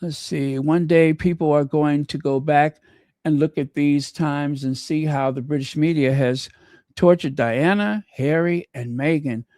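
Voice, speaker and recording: A man's voice: on the high side, measured pace, a little mellow, no room sound. A man hosting his own channel in casual live commentary, chatty and thinking aloud as he reads viewer comments. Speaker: channel host.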